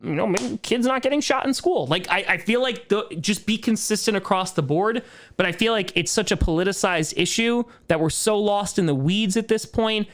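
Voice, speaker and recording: High-voiced man rambling through a stream Q&A. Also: normal speed, fairly bright tone. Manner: rambling, self-interrupting, laughs often. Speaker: streamer host. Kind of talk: casual livestream Q&A chat.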